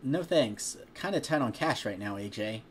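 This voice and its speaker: An easygoing young townsperson, short on money, chats with a stall keeper, as a man reads the part in his normal voice. The tone is plain and mid-pitched. Faint background noise sits under the reading. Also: lively intonation, moderate pace, natural voice.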